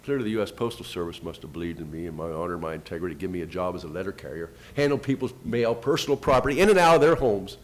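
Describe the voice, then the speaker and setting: A man giving a first-person storytelling talk, retelling events with quoted dialogue and lively shifts in pitch and loudness. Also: quick pace, hardly any pauses. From United States. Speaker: invited speaker.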